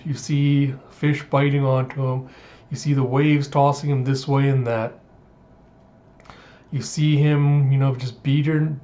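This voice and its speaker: A man's voice: medium pitch, a little mellow. A man casually recapping a comic chapter as a reviewer. He swears now and then and makes sound effects. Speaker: manga reviewer. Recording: dull lo-fi audio.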